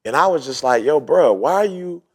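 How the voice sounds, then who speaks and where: A man's voice: fairly high pitch, lively intonation, normal speed. A man hosting a podcast, telling a story in a casual motivational way, acting out quotes and repeating his points. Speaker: podcast host.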